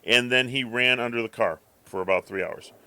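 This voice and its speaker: A man's voice: medium pitch, brisk, pushed and bright, smooth, dry recording. A man co-hosting a podcast, telling a long, rambling story in casual chat and acting out his cat's thoughts. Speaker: podcast co-host.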